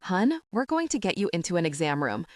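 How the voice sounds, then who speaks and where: A woman reading a brisk, kindly nurse. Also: lowish voice, sing-song, a little mellow, dry recording, studio quality. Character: friendly hospital nurse, a woman.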